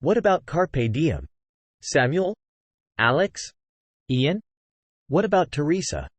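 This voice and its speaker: A man's voice: fairly high pitch, sing-song, takes it slowly, husky, no room sound, heavily acted. A man voicing a brash, hot-tempered young woman. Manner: curt, swearing, pressing questions.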